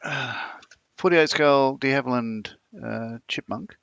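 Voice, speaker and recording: A man's voice: mid-range voice, unhurried, gravelly, fairly bright tone, clean tone, no room sound. Rambling man on a dull line. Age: older. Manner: rambling, hesitant, with many ums. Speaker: co-host. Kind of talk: casual live-stream chat.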